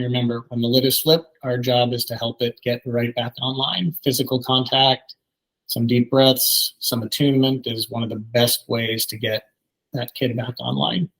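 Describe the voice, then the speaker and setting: A man's voice: medium pitch, a bit bright, rough recording. A man in his thirties, a therapist, giving a conversational training talk with many ums. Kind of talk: training presentation.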